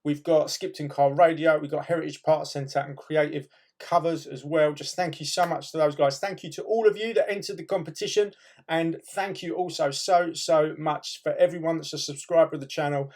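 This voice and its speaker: A man's voice: fairly high pitch, fairly even intonation, moderate pace, darkish tone. A man hosting his own vlog, chatting upbeat and casual from his van. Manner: upbeat, says brilliant a lot. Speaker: vlog host. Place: in a van, then outdoors.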